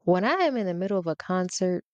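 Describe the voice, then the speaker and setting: Hosting her own show, a woman talks straight to her listeners in a fast, sassy, playful comedic rant, laughing a lot. Her voice is on the low side and darkish with lively intonation, and the dry recording has its highs cut off.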